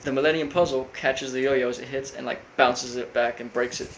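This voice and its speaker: A man casually recapping a cartoon episode, rambling with lots of fillers and flat quoted lines. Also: medium pitch, a little fast, slight background noise, rough recording. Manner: rambling, full of fillers, quotes characters flatly. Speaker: recap host.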